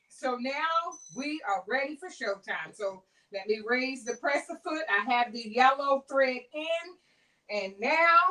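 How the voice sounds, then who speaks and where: A woman's voice: fairly high pitch, fairly bright tone. An older woman hosting a live embroidery tutorial, chatty and laughing as she exclaims to herself. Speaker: embroidery channel host. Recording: voice a bit distant from mic.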